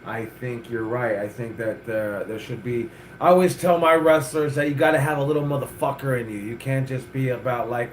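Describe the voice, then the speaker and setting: A man's voice: mid-range voice, steady tone, brisk, roomy sound, a little hiss or hum. A middle-aged man, a wrestling coach hosting a chat show, talking bluntly and profanely with lots of energy. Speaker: wrestling coach and podcast host. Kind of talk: casual chat.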